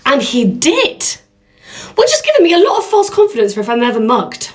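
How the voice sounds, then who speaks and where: A young woman, chatting and telling stories to the camera in a lively way. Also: a little high, fairly quick. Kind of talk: casual storytelling to camera.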